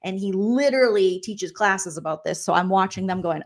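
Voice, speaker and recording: Give me a woman comedian host, chatty and animated in a casual vlog, at an ordinary pitch. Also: moderate pace. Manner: chatty and animated, acts out quotes with lots of asides. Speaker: comedian and reality TV recap host. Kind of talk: casual reaction vlog chat.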